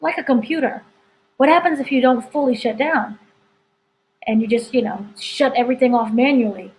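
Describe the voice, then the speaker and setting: Woman editor yapping about a show, kinda high voice, lots of likes and you knows. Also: moderate pace, a little mellow, a little hiss or hum, low-quality recording. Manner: rambling and chatty, full of "like" and "you know". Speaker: entertainment editor reviewing a TV episode. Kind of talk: casual spoiler review chat.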